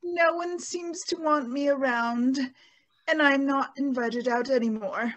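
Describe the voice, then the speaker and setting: A woman's voice: high-pitched, a little slow, a bit bright, dull audio. A woman playing a vain, deaf woman who laments her lot through tears, in an amateur stage reading. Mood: tearful. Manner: tearful, pleading lament. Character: vain, deaf, self-pitying woman, weeping.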